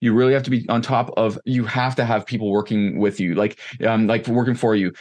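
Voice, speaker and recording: A man in his thirties talking casually as an interview guest, rambling with many fillers and lively asides. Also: lowish voice, a little fast. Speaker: podcast guest, online coach.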